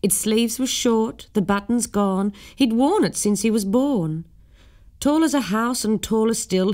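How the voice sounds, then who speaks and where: A woman's voice: mid-range voice, a little mellow. A woman narrating a rhyming children's story with a lilting, rhythmic reading.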